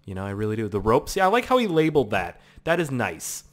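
Excitable, swearing young gaming host. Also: male voice, mid-range voice, quick pace. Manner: excitable, swears a lot, hums little tunes. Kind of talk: let's play commentary.

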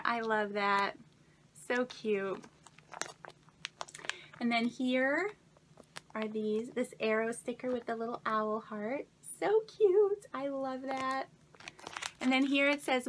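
Gushing woman, slow and effusive. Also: fairly high pitch, slight background noise. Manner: gushing, effusive, keeps saying thank you; exclamations and soft laughs. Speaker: crafting vlogger. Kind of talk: casual unboxing chat to camera.

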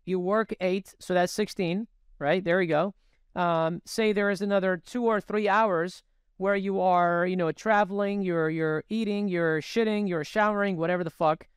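A man co-hosting a podcast, telling stories in a profane, animated, casual way. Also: high voice, moderate pace, clean tone, dry recording, studio quality. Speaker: podcast co-host.

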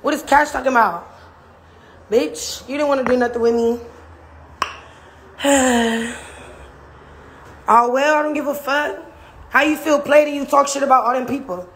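A woman's voice: high voice, fairly even intonation, measured pace, pauses often, a bit bright, a little hiss or hum. A woman from a reality show speaking straight to the camera, taunting and trash-talking with heavy swearing and bursts of laughter. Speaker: reality show cast member. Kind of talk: direct-to-camera rant.

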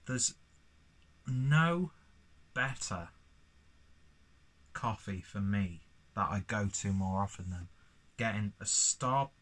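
A man talks through a beer review in a loose, rambling way. His voice sits a little low. He swears freely and keeps mocking his own tangents. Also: fairly bright tone. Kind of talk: casual beer review vlog.

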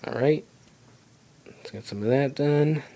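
A young man hosts a gaming channel, giving rambling, chatty let's play commentary and talking to himself as he plays. His voice is medium-pitched, creaky, and mellow, and he speaks unhurriedly.

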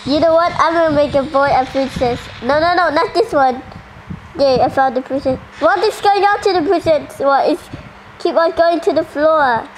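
High-voiced, excitable female gamer. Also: moderate pace, slight background noise, low-quality recording. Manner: excitable, full of surprised questions. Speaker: gaming channel host. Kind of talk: casual gameplay commentary.

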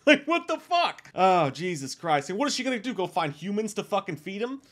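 A man with a high voice that swings wildly up and down ranting about a film in a casual review. He swears constantly and his tone lurches between amused and outraged. His rough, unpolished delivery stays loud and lively. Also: a little fast. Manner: animated, swearing, mocking impressions, laughs often. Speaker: movie review host. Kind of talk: casual profane movie rant.

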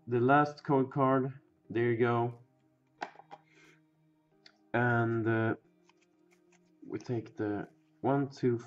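A young man talks slowly and loosely while he opens card packs, rambling, swearing and breaking into loud excitement at times. The recording sounds dull and lo-fi, with faint music underneath. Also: mid-range voice. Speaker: pack-opening video host. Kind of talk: casual card-opening commentary.

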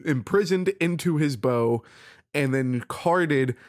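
Slow, dry-sounding male podcast host. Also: fairly high pitch, no room sound. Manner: explanatory, rambling with fillers. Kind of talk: casual lore discussion.

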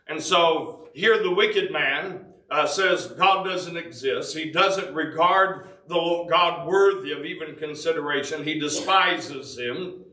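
A man's voice: on the high side, unhurried, bright, forceful tone, reverberant, recorded from a distance, poor audio. A man preaching a devotional sermon, reading scripture in old-fashioned Bible wording and explaining it.

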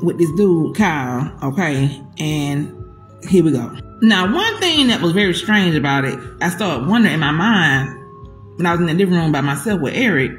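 Animated, profane woman telling a story. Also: low voice, normal speed. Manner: profane, animated, talks to viewers as "y'all". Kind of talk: casual storytime. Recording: echoey room with faint music.

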